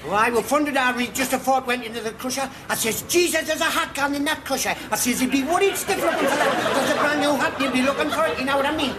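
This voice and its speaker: A man's voice: very high-pitched, fast, hardly any pauses, over a noisy crowd, heavy background noise. An actor playing an eccentric, chatty dustman with a broad Geordie accent and rambling manner. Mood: chirpy. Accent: Northeast English (Geordie). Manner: rambling, chirpy, broad dialect.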